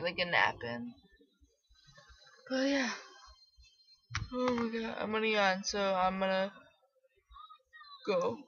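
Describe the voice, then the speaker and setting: A woman's voice: medium pitch, a bit bright. A young woman chatting casually on a home vlog, sleepy and rambling with lots of fillers. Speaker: vlogger. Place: bedroom at home. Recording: dull lo-fi webcam audio.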